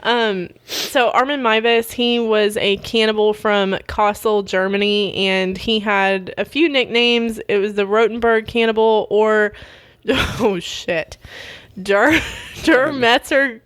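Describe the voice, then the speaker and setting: A woman's voice: medium pitch, fairly even intonation, takes it slowly, fairly bright tone, clean tone. A woman co-hosting a casual podcast, telling a true crime case in a giggly, profane way. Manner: giggly, profane, easily amused. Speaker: podcast co-host.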